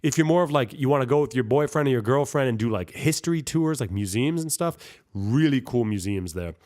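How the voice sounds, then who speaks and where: A man's voice: medium pitch, fairly quick. Young guy podcast cohost, rambly storyteller, swears a lot, voice bounces around. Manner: profane, rambling, animated storytelling. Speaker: podcast co-host. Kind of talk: casual chat.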